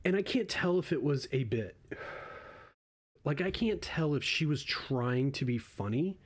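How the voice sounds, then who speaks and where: A man's voice: on the high side, animated, unhurried, breathy edge. A young man doing casual reaction commentary, rambling and swearing freely, often restarting his sentences. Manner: rambling and profane, with frequent restarts. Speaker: online commentator.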